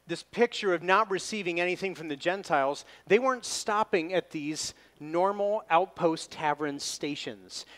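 A pastor preaching an expository sermon, leaning hard on key words and slowing down when he reads scripture. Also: fairly high pitch, a bit bright. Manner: emphatic, slows down to stress scripture readings.

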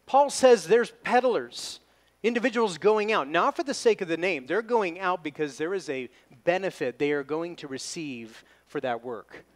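A pastor preaching an expository sermon, leaning hard on key words and slowing down when he reads scripture. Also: sits high, lively intonation. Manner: emphatic, slows down to stress scripture readings.

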